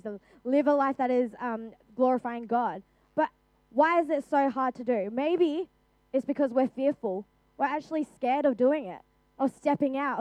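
A young Australian woman gives a youth sermon in a high, clear voice. She talks earnestly and casually, often restarting phrases and dropping in "like". The sound is close and dry, with no room around it. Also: no echo, highs cut off. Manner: earnest, conversational, with frequent restarts and "like". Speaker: youth preacher.

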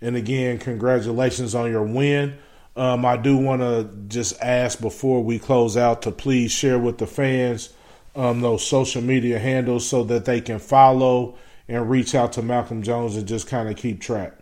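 A man's voice: medium pitch, unhurried. A man hosting a boxing talk show, asking loose, rambling questions. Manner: relaxed, rambling questions with fillers. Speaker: podcast host. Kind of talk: casual interview.

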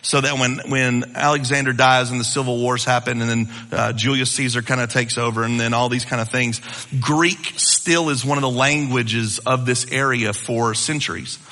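A man preaching a sermon, teaching in an animated, conversational way with asides to his listeners. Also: medium pitch, normal speed. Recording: long reverb of a hall.

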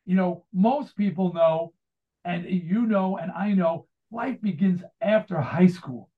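A man's voice: high voice, takes it slowly. Rambling American man on a tinny line. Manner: rambling, full of restarts and asides. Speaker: author and rock singer guest. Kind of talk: casual interview talk.

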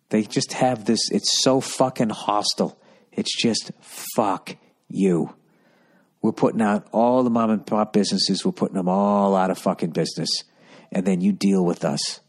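A man's voice: sits low, a little mellow. A man hosting a solo podcast, telling stories in a profane, rambling and exasperated way. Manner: storytelling with voiced asides. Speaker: podcast host.

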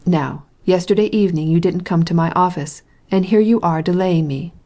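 A woman reading the lines of a brisk, impatient male landowner, in a curt, commanding way. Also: lowish voice, dark tone, close to an everyday voice.

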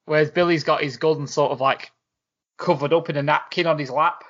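A man's voice: on the high side, steady tone, a little fast, fairly bright tone. Man chiming in on a chat. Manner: chimes in with short agreements. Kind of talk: casual chat recapping a show. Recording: dull lo-fi audio.

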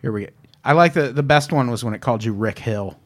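A man's voice: mid-range voice, animated, quick pace. A man hosting a casual podcast chat, wry and joking, swearing freely. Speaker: podcast host.

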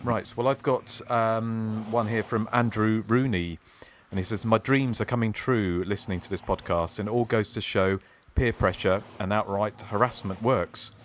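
A man's voice: lowish voice, steady tone, normal speed, hardly any pauses, a little hiss or hum. A man hosting a podcast, chatting casually and reading listener emails aloud. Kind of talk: casual chat.

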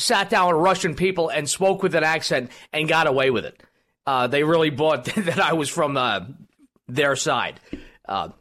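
A man's voice: fairly high pitch, a bit bright. A man hosting a political talk radio show, rambling and combative, with many fillers.

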